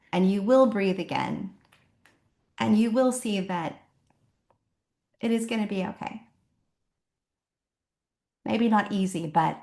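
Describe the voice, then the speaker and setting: A woman author speaking warmly and earnestly to an online audience, rambling a little with restarts, on a laptop microphone. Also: mid-range voice, roomy sound. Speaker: author at a virtual book event. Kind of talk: heartfelt casual talk to an online audience.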